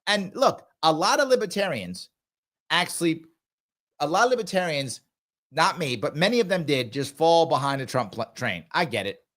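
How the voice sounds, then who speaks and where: An emphatic middle-aged man from New York hosts a live political talk show and repeats his points for effect. His voice sits a little high and swings widely in pitch. He sounds sure of himself on every line. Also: a bit bright.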